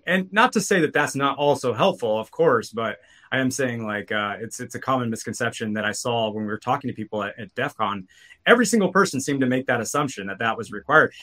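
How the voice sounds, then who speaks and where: A man's voice: mid-range voice, sharp tone. A man co-hosting a tech podcast in casual chat, rambling with many restarts and fillers. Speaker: podcast co-host.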